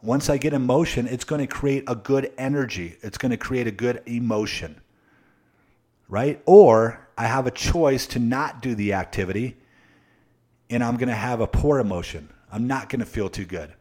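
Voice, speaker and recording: During a motivational live stream, a sales coach talks straight to his viewers, repeating each point emphatically and constantly tossing in tag questions to keep the audience engaged. His male voice sits in the middle range, a little mellow, at normal speed.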